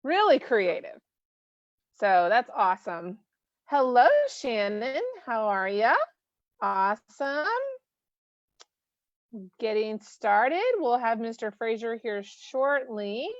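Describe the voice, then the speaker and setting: Chatty higher-voiced woman on a video call. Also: slow, pauses often, dry recording. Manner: chatty, enthusiastic, greets each arrival. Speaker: co-host. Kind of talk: casual chat. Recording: dull lo-fi call audio.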